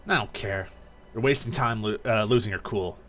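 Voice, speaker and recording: A streamer voicing a gruff lizard outlaw who talks in a curt, dismissive way, reading game dialogue aloud. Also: medium pitch, moderate pace, a bit bright, soft background music, close to an everyday voice.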